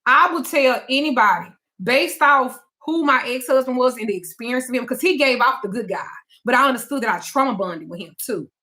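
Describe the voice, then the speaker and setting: A woman hosting a live call-in talk show, telling a personal story in a blunt, profane and animated way. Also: sits high, a little fast. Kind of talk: casual storytelling chat.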